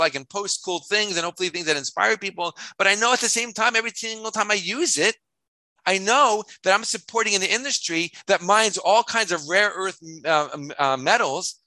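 A man teaching a class as a rabbi, expressive and conversational, full of rhetorical questions and asides. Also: a little high, dry recording, poor audio. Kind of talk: animated online lecture.

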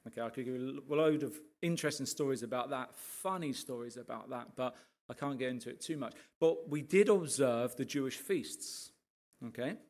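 A man, a pastor, giving a lively sermon testimony full of asides to his listeners and passionate outbursts. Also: medium pitch, normal speed. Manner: animated storytelling, rising to impassioned rants with frequent asides to the audience.

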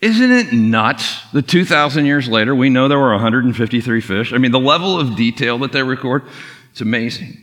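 Bright-voiced male pastor in a reverberant hall. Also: mid-range voice, a little fast. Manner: casual storytelling with lively acted quotes. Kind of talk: sermon. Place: church sanctuary. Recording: long reverb of a large hall.

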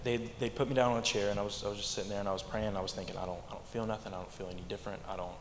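A young man tells his church testimony in a low, quiet voice, stumbling and repeating words as he goes. His voice rings in an echoey hall, with a faint hum of ambience behind him. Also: little pitch movement. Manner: halting, repeats words, speaks mostly quietly. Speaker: congregant giving testimony.

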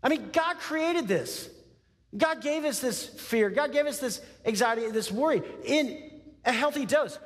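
Pastor, male, from Texas, high-pitched, lively conversational sermon delivery, reverberant hall sound. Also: a little slow. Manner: animated, conversational preaching with frequent asides.

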